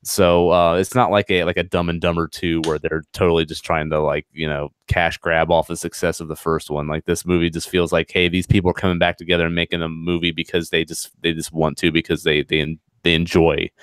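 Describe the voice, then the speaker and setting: A man's voice: sits low, flat delivery, fairly quick, hardly any pauses, clean tone, dry recording, clean studio sound. A young man co-hosting a podcast, rambling casually with many fillers. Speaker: podcast co-host. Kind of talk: casual chat.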